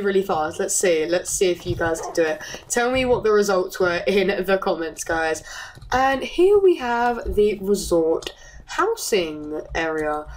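A woman YouTuber giving casual, rambling game commentary, chatty and easily excited, with frequent giggles. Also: lowish voice, slight background noise, low-quality recording. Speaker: gaming YouTuber.

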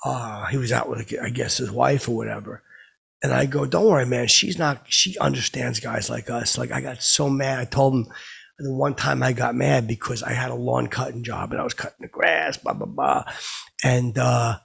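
A man's voice: medium pitch, creaky, fairly bright tone, breathy edge, full character voice. A man playing a boastful, clueless middle-aged guy who rambles and stalls with fillers, calling himself by name in the third person. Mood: rambling. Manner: rambling, halting, full of fillers and "blah, blah". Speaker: podcast host. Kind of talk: improvised comedic character monologue.

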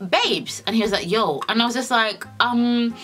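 A young woman telling a storytime vlog in a sassy, animated way, swearing a lot and acting out the dialogue. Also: a little high, moderate pace, faint music behind. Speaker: vlogger.

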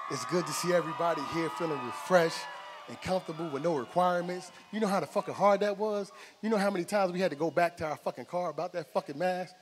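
Loud profane stand-up comedian, high voice. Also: male voice. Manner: loud, profane, animated storytelling. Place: comedy club stage before a live audience. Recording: live room with long reverb, crowd noise.

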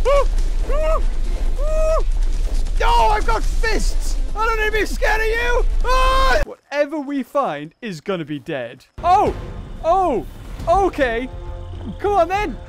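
A man reacts loudly to a video game, yelping and laughing as he plays. His voice sits high and swings wildly in pitch. Game music runs clearly behind him. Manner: yelps, shouts and laughs at the game. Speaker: gaming video creator. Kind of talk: excited gameplay commentary.

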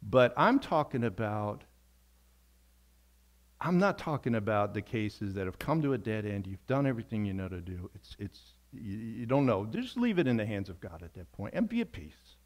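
A man's voice: lowish voice, big pitch swings, normal speed. Earnest man preaching a sermon. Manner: earnest, conversational preaching with repeated phrases. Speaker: pastor. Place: church sanctuary.

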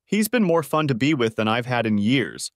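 A man's voice: medium pitch, big pitch swings, normal speed, no echo, clean studio sound. A man reading an audiobook, voicing a brash, betrayed wife who talks bluntly and mockingly. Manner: blunt, foul-mouthed, mocking. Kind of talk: audiobook character voice.

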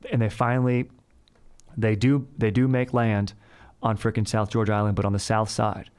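Man, deep voice, flat delivery, bro slang, casual history storytelling, rambling. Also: moderate pace, clean tone. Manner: bro slang, laid-back, rambling with fillers. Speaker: podcast host.

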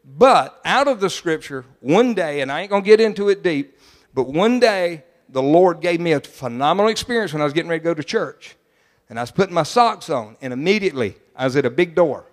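A middle-aged pastor with a notably high voice for a man, preaching in an emphatic, folksy style. His sermon rings out with a long echo from a church hall. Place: church sanctuary.

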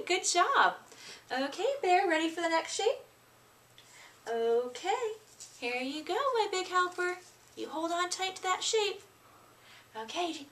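A woman teaching shapes at preschool circle time, coaxing small children in a slow sing-song. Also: high-pitched, sharp tone.

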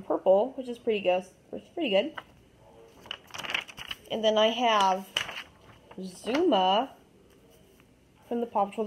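A woman's voice: mid-range voice, a little hiss or hum. A woman chatting casually as host, showing her drawings in a giggly, rambling way with many fillers. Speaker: channel host.

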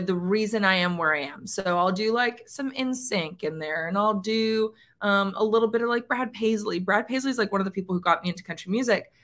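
A woman's voice: mid-range voice, sharp tone. A woman from Canada, a country singer, chatting casually as a guest, with lots of "like" and "um" fillers. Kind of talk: casual interview chat.

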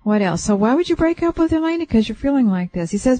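Woman radio host doing a psychic reading for a caller. Mellow, gentle and reassuring, relays it bit by bit. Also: high-pitched, big pitch swings, fast talker, few pauses, poor audio. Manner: gentle, reassuring, relays what she senses in layers. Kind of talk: soothing call-in reading. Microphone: radio studio mic.

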